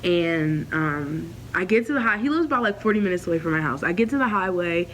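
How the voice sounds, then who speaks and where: A young woman vlogger recounting a personal story in a candid, animated storytime vlog, full of slang and profanity, who jumps into higher voices when she quotes people. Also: brisk, a little hiss or hum, rough recording. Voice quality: acts out quoted voices in raised pitch.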